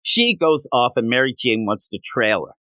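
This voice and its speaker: Exasperated ranting man, lively swings in pitch. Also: moderate pace, no room sound. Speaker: comic book reviewer. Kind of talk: casual spoken review.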